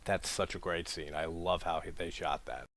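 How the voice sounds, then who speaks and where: A man with a very low voice talks through a horror sequel he loves. He is casual and enthusiastic, swearing freely and retelling scene after scene. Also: steady tone, normal speed, fairly bright tone. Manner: enthusiastic, swears casually, acts out quoted dialogue. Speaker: horror film reviewer. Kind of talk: casual film discussion.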